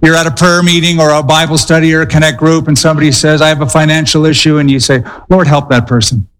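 Male pastor, sermon delivery, slightly high voice, dramatic storyteller pacing. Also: flat delivery, quick pace, fairly bright tone, clear, resonant tone, in a large hall, poor audio.

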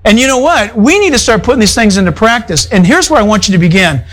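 Guy preaching to his fellowship, pretty high voice, chatty and folksy with little asides. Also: lively intonation, fast, fairly bright tone, rough recording. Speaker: pastor. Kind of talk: sermon. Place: church fellowship hall.

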